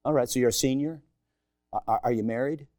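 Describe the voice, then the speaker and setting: A middle-aged man preaching a sermon in a church, swinging from shouted emphasis to hushed asides and joking with the congregation. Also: mid-range voice, quick pace, no room sound. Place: church sanctuary.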